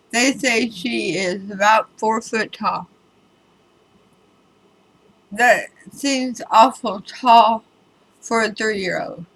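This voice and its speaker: A woman with a mid-range, slightly bright voice gives a casual spoken tarot reading for her viewers on a rough recording. She's chatty and emphatic, dropping wry asides.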